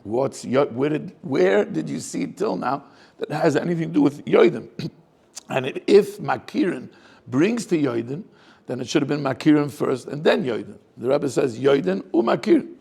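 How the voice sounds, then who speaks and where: Gravelly-voiced rabbi probing a text. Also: male voice, a little high, expressive, normal speed, dark tone. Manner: probing, asks many rhetorical questions. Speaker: rabbi teaching a class. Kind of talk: Torah class, questioning the text aloud.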